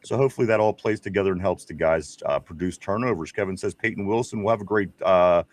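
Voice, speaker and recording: A man with a Pittsburgh accent hosts a loose live stream and reads out viewer messages, trailing off into fillers as he goes. His voice sits low. The sound is close and dry. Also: fast talker, no echo. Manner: reads viewer comments aloud, rambling with fillers. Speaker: podcast host. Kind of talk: casual live-stream chat.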